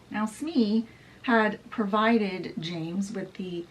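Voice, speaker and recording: A woman's voice: medium pitch, animated, slow pace, low-quality recording. A woman casually summarizing a fantasy novel in a chatty way, often saying "he's like". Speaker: book reviewer.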